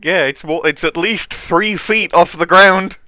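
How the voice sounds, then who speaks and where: A man joking around casually between scripted lines with friends, playful and quick. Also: high voice, pushed and bright, a little hiss or hum. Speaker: fan voice actor.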